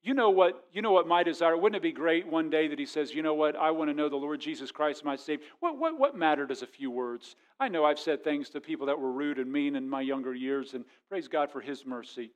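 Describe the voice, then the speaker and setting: A middle-aged man preaching a sermon as a pastor, conversational and storytelling, often restarting his words and swinging from quiet to loud. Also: on the high side, animated, brisk, few pauses.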